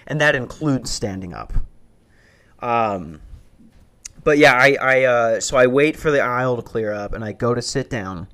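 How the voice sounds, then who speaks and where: A man in his twenties performs stand-up, spinning a meandering, profane story that escalates into a heated rant. He speaks a little slowly and animatedly, in a medium-pitched, fairly bright voice.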